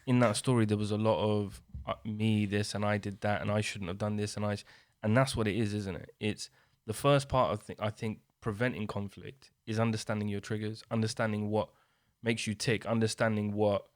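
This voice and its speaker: Guy, lowish voice, dry mic, kinda hesitant, lots of restarts, podcast chat. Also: fairly even intonation, fairly quick, hardly any pauses, no room sound. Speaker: podcast co-host. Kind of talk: casual discussion.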